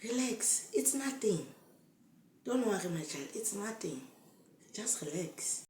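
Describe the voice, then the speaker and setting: Woman voicing a calm mom, reassuring, higher voice, echoey room, faint noise. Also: slow pace. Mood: soothing. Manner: soothing, reassuring. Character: calm mother soothing her son.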